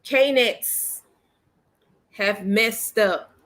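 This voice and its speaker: A woman hosts her own commentary channel, her voice medium-pitched and a bit bright, speaking very slowly. She rants bluntly and emphatically in casual slang, repeating her points.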